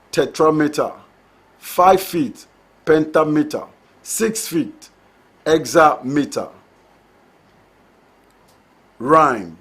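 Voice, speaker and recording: Slow, husky male lecturer. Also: on the high side, a bit bright. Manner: slow, deliberate reading of terms and examples. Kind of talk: recorded literature lecture.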